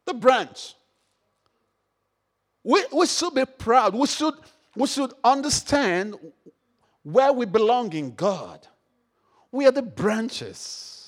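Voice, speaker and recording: A man preaching a sermon, repeating phrases, firing questions at the congregation and rising to shouts. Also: extremely high pitch, very animated, slow pace, long pauses. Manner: call-and-response, repeats phrases, rises to shouts; rhetorical questions to the audience.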